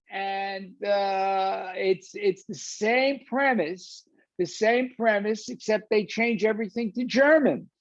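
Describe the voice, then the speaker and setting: A man's voice: sits high, creaky, no room sound, muffled recording. An older man giving a rambling, informal lecture on a film, full of "uh"s and restarts, and acting out scenes as he retells them.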